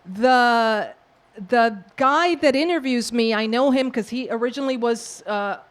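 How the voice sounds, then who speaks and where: Animated storytelling woman, high voice. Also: measured pace, clear, resonant tone. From New York, the Bronx. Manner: animated storyteller who acts out quoted exchanges. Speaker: author and professor answering audience questions. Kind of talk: book talk Q&A, storytelling.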